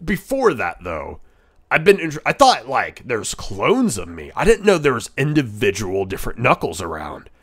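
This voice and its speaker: A man voicing a brash, hot-headed male echidna in a live-stream role-play, rambling, stammering and crude, quick to yell. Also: medium pitch, huge pitch swings, breathy edge. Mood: rambling banter.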